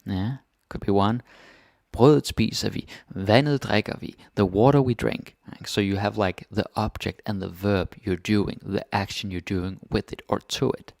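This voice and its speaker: A man teaching grammar in a relaxed, chatty way, often checking in with the listener. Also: fairly low pitch, normal speed, creaky, few pauses, dry recording, studio quality. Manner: relaxed, chatty, keeps asking "right?". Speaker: Danish language teacher. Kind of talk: casual grammar lesson.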